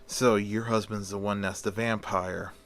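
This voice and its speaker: A polite gentleman doctor who stammers when cornered and turns stern when pushed, read by a man doing a homemade story. The voice sits fairly low, near the reader's own. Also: little pitch movement, measured pace. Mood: flustered doctor. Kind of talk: amateur story reading with voices.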